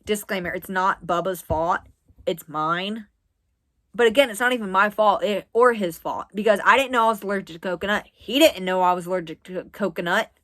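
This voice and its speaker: A woman's voice: mid-range voice, a bit bright. Woman, twenties, from the US East Coast: a chatty, rambling vlog storyteller who leans on "like" as filler. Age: 20s. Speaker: vlogger. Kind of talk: casual story time.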